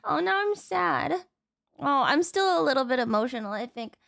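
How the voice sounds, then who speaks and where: Excitable young woman streamer, high voice. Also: normal speed, creaky. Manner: excitable, swears, thinks aloud. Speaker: streamer reacting to a video. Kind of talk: casual live reaction.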